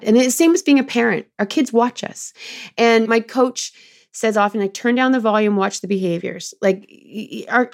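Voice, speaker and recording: A middle-aged woman talking as a guest in an interview, telling lively stories about leading her team and quoting people in changing voices. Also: mid-range voice, creaky. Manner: animated storyteller, quotes others in changing voices. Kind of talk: conversational interview.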